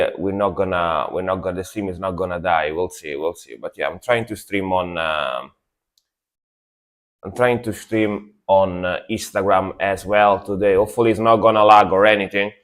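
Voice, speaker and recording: A man's voice: low voice, normal speed. A man chatting casually to viewers on a livestream, sleepy from just waking up, rambling and repeating himself with lots of fillers. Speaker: streamer.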